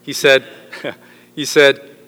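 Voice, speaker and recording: A man's voice: mid-range voice, monotone, slow, pushed and bright. A middle-aged man preaching a sermon as a pastor, joking and rambling with restarts. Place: church hall. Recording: echoey hall with long reverb.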